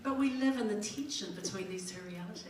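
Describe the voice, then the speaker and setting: A woman's voice: medium pitch, quick pace, a crowd in the background. A middle-aged woman with a New Zealand accent gives a chatty, humorous conference talk, acting out little dialogues. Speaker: conference speaker. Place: conference hall. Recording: very echoey hall from a distance. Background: audience laughing.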